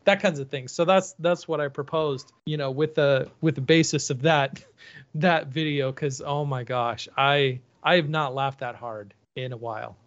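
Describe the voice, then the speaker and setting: A man's voice: medium pitch, steady tone, normal speed, dull audio. A man hosting a podcast who tells stories in a casual, rambling way and often laughs. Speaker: podcast host. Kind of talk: casual chat.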